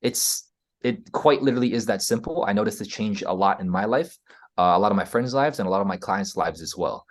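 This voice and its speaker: An American man with a somewhat low voice, talking as a guest on a podcast. He explains earnestly and casually, restarting phrases and tagging points with "right?". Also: brisk. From United States. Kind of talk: casual interview talk.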